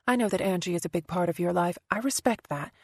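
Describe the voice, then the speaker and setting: An earnest, vulnerable woman who speaks directly, as the narrator plays her. The voice sits fairly low and is read close and dry. It is an audiobook character voice. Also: fast, a little mellow, breathy edge, no room sound.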